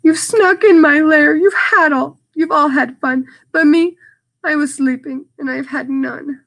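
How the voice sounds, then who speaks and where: A woman's voice: high voice, flat delivery, normal speed, gravelly, poor audio. Woman playing a sulky, left-out big bear. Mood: hurt. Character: big grumpy male bear, sad and left out.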